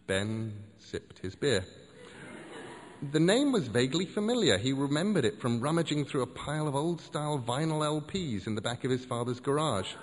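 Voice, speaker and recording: A man reads a story aloud with wry, expressive delivery and a voice that rises and falls a lot. His voice sits in the middle range. It rings in a long room echo over a faint hiss. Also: mid-range voice, normal speed. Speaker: narrator. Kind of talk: scripted narration of a story.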